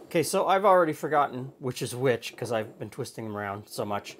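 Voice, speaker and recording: A man hosting a cooking show, explaining a blind tasting in a relaxed, plain-spoken way from his studio. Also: mid-range voice, a little fast. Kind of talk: casual tasting chat. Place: home studio kitchen.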